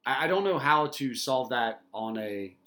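Bright-voiced man rambling on a podcast. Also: mid-range voice, lively intonation, unhurried. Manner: rambling, filler-heavy, swears freely. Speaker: podcast co-host. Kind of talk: casual podcast chat.

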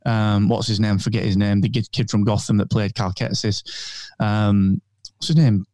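A man talks loosely and playfully, wandering off into jokes as he co-hosts a podcast. His voice is soft and mellow, recorded close and dry with no room around it. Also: on the low side, fairly even intonation, normal speed, no room sound. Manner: rambling, jokey banter. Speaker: podcast co-host. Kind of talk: casual chat.

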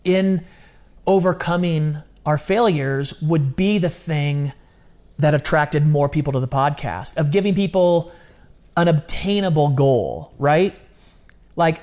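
A man in his forties with a slightly higher voice talks in a candid, confessional way on a podcast. He speaks earnestly and often rushes through phrases in quick bursts. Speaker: podcast co-host. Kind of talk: candid conversational podcast talk.

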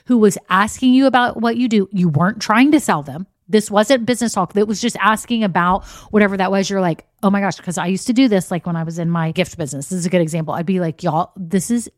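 A woman's voice: mid-range voice, quick pace, few pauses, dry recording, studio quality. A woman hosting a casual solo podcast as a business coach, chatty and encouraging. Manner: chatty, encouraging, says "y'all" and "okay?" often.

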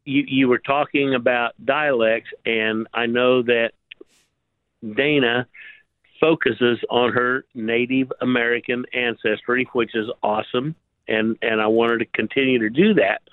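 A man's voice: mid-range voice, steady tone, measured pace, dry recording. A man calling in to a radio show by phone, teasing and laughing as he chats. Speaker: caller. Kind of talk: joking call-in chat. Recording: phone line.

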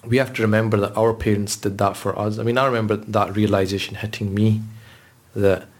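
A man's voice: lowish voice, level tone, a little fast. A man, a religious scholar, talking earnestly in a podcast conversation, telling stories with frequent restarts. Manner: earnest, storytelling, with repeated restarts.

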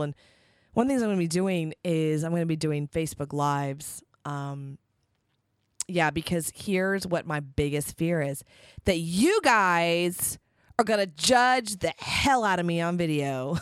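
A woman's voice: on the low side, expressive, a little slow, no room sound, studio quality. A woman hosting a solo motivational podcast, talking candidly and rambling, with bursts of emphatic energy. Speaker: podcast host.

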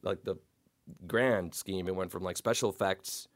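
A man's voice: low voice, fairly even intonation, moderate pace. A young adult man, a magician and comedian, telling stories in a casual interview, playful and rambling with many fillers.

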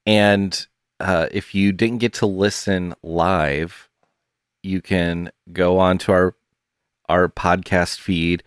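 A man's voice: deep voice, smooth, dry recording, clean studio sound. A man co-hosting a podcast in a laid-back, casual chat, laughing often. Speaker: podcast co-host.

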